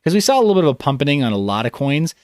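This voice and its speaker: A man's voice: on the high side, very animated, very fast, darkish tone, no echo, studio quality. Tired-voiced man chatting on a livestream. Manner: rambling, loose, self-interrupting. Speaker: livestream host. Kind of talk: casual livestream chat reading comments.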